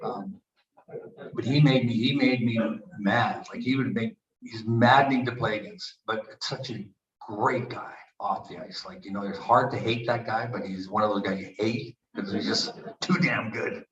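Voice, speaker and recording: A man in his sixties from Canada, a retired hockey player telling animated stories at a book event and acting out the quotes. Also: on the low side, normal speed. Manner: animated anecdotes with acted quotes. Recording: echoey, dull room recording.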